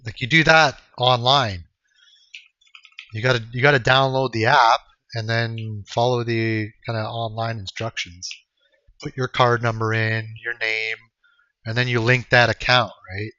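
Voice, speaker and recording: A man's voice: medium pitch, flat delivery, unhurried, sharp tone, no echo. A young man from Canada chatting casually with his live-stream audience, laid-back and swearing freely as he chuckles through replies. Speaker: game streamer. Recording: dull lo-fi stream audio.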